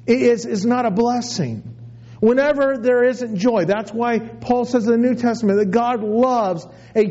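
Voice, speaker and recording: A man's voice: extremely high pitch, mellow, muffled recording. A man preaching a sermon in a conversational way, often repeating words and acting out what people think. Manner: conversational preaching with many restarts and acted-out inner voices. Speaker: pastor.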